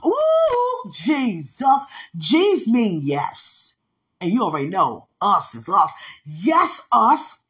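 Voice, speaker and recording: A woman's voice: on the low side, a bit bright. Emphatic woman preaching conversationally. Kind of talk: sermon-style teaching about a dream.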